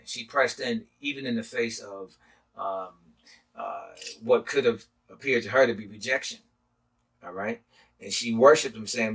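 Man, pastor, sermon teaching, halting with fillers, husky voice, distant mic. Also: medium pitch, a bit bright.

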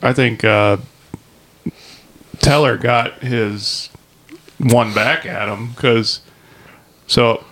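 A man's voice: mid-range voice, drawn-out words, pauses often, fairly bright tone. A man co-hosting a casual movie podcast, speaking in a laid-back, hesitant way with trailing phrases. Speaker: podcast co-host. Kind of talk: casual movie discussion chat.

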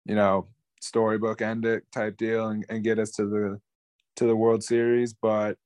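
A young man talks through his frustration in a rambling, casual way, dropping the odd swear. His voice sits on the low side and sounds dry and close, with no room around it. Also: dry recording. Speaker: podcast co-host. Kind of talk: casual sports chat.

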